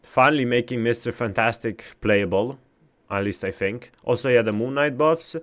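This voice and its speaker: A man streaming a game live, chatting casually with his chat, swearing often and reacting loudly to what he reads. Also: mid-range voice, moderate pace.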